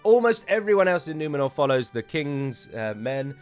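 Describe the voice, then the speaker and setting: A man's voice: on the high side, big pitch swings, normal speed, a little mellow, soft background music. A man, chatting casually and with opinions as he reviews a trailer for his viewers, with frequent fillers and self-corrections.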